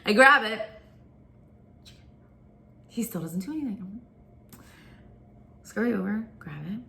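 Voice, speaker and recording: A young woman from Florida, a singer, chatting to camera and telling childhood stories in an animated way, laughing often. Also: medium pitch, slow, gravelly, slight background noise. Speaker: singer and vlogger. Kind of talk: chatty storytelling.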